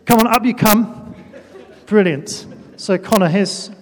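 A man's voice: high voice, measured pace, slight background noise. A man preaching a sermon with a children's demonstration in a church hall. He talks playfully, pokes fun at himself and calls up volunteers.

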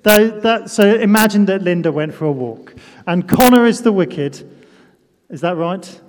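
A man's voice: high-pitched, unhurried, a little hiss or hum. A man preaching a sermon with a children's demonstration in a church hall. He talks playfully, pokes fun at himself and calls up volunteers.

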